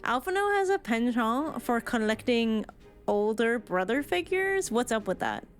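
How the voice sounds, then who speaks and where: A woman's voice: on the high side, very animated, a little slow, faint music behind. A woman streamer giving chatty, playful commentary while playing a story game, drifting into rambling asides. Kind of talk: casual let's-play commentary.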